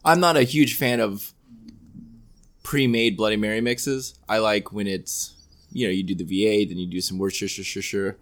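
A man co-hosting a podcast in casual chat, rambling and halting with restarts. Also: fairly low pitch, fairly even intonation. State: throat burning from spicy drink. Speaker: podcast co-host.

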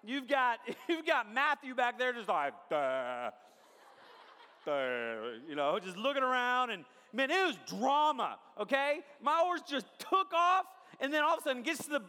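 High, bright-voiced pastor preaching. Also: male voice, moderate pace, hardly any pauses, in a large hall. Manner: animated, jokey, asks the crowd often. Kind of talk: sermon with storytelling. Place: large church hall.

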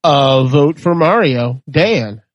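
Male host, slightly high pitch, dry close sound, crude joking banter. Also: animated, slow pace, dry recording, lo-fi sound. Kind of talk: casual podcast banter.

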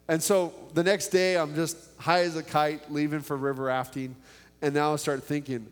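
A man preaching a sermon in a church, with earnest prayer and animated personal storytelling. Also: fairly high pitch, normal speed. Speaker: pastor. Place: church building. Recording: long church reverb.

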